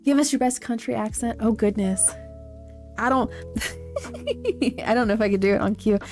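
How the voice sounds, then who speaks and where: A woman hosting a casual livestream, chatting to viewers in a rambling, halting way with many fillers and giggles. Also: fairly high pitch, darkish tone. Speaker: livestream host. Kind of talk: casual livestream chat, answering chat. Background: faint background music.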